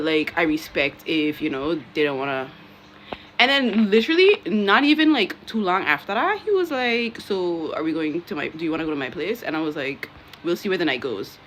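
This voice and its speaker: Lively young woman telling a storytime. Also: sits low, slight background noise. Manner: animated, swearing, laughing through the story. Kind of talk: casual storytime.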